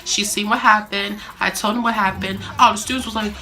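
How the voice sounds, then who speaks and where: A young adult woman vlogger telling a story in a chatty, animated way, full of fillers. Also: medium pitch, fairly quick, faint music behind. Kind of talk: casual storytime.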